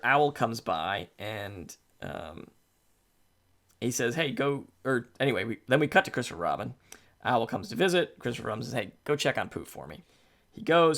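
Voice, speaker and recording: Gravelly-voiced man chatting casually. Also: mid-range voice. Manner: relaxed, rambling storyteller. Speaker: podcast co-host. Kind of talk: casual book discussion.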